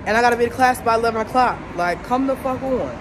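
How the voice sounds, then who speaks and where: A young college student films a vlog on her phone around campus, partly outdoors, delivering a blunt, profane, exasperated rant. Her voice is on the high side and she talks fast, with passing traffic making the recording noisy.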